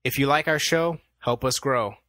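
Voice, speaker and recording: A man's voice: mid-range voice, normal speed, sharp tone, dry recording. A young man co-hosting a film review podcast, chatting casually and thinking aloud with plenty of filler words. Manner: easygoing, thinks aloud with many "um"s. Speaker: podcast co-host.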